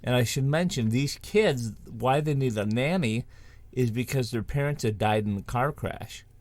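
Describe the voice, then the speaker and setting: A man's voice: medium pitch, moderate pace, darkish tone, dry recording. A man co-hosting a show, telling a spooky story in a casual, rambling way with many restarts and asides. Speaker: co-host.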